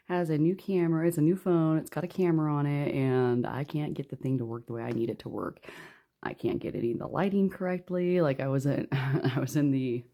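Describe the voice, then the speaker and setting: A woman's voice: sits low, mellow. A woman doing a casual tarot card reading in her living room, chatty and snarky and laughing often. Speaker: tarot reader.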